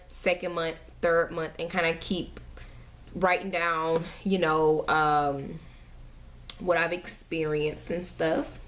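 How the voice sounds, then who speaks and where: Chatty, slightly breathless woman vlogging. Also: on the low side. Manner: chatty, rambling with many fillers. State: nauseous and out of breath. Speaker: family vlogger. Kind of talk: casual pregnancy update vlog.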